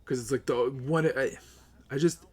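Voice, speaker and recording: A man's voice: mid-range voice, steady tone, normal speed, a little hiss or hum. Upset man ranting on a live stream. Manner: profane, agitated, swings between yelling and muttering. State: upset, near tears. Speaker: livestreamer.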